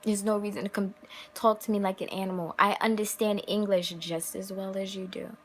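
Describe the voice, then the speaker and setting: A woman's voice: mid-range voice, fairly even intonation, fairly quick, slight background noise, low-quality recording. A young woman vlogger talking casually to camera, giving emphatic relationship advice full of rhetorical questions. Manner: emphatic, rhetorical questions, acts out quoted voices.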